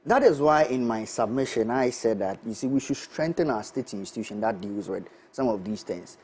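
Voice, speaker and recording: A man with a Ghanaian English accent arguing his point deliberately as a panelist in a studio discussion. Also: a little hiss or hum. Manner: deliberate, argumentative, lively pitch swings. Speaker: show panelist.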